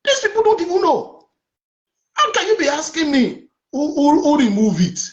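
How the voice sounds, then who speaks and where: A man's voice: extremely high pitch, very animated, moderate pace, lo-fi sound. A man with a Nigerian accent hosting a live call-in debate, confrontational and repetitive, talking over callers. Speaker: host.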